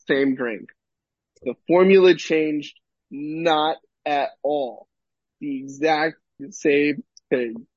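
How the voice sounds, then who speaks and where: A man co-hosting a podcast, an animated storyteller in casual chat who swears freely. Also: a little high, slightly rough, dry recording, lo-fi sound. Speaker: podcast co-host.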